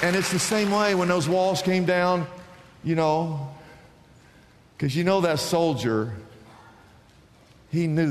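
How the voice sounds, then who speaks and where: Animated pastor preaching in a reverberant hall. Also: male voice, slow, pauses often, a faint crowd, slight background noise. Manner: animated, acts out characters with big pitch swings. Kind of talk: sermon. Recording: long reverb of a large hall.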